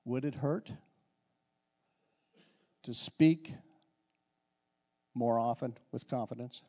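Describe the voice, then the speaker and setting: A middle-aged pastor with a slow, mellow, medium-pitched voice preaches a conversational sermon in a church. He often repeats himself and restarts his words.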